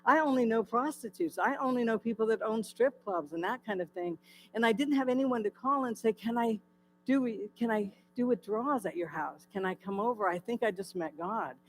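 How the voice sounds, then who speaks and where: A woman giving a personal recovery testimony at a church, telling her story in a lively way, acting out the dialogue and often laughing. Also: fairly high pitch, normal speed, soft background music, rough recording. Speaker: guest speaker at a church. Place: church hall.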